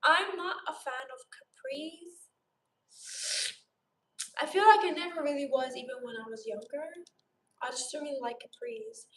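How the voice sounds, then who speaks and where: A woman's voice: high-pitched, a bit bright. A young woman from Romania with a sore throat, hosting a casual live stream and gushing as she chats back to viewers. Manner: bubbly, gushing, chatty, replying to chat aloud. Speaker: livestream host. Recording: roomy echo.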